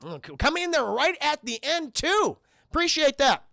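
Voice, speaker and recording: A young man streaming a casual, profane spoiler recap, talking excitedly to his chat. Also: extremely high pitch, normal speed, vocal fry, no echo, studio quality. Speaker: streamer and film reviewer.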